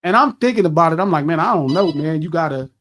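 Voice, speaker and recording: A middle-aged man with a fairly high voice tells a story on a podcast. He talks in a relaxed, profane way and acts out his own lines with energy. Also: fast talker. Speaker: podcast host. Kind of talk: casual storytelling chat.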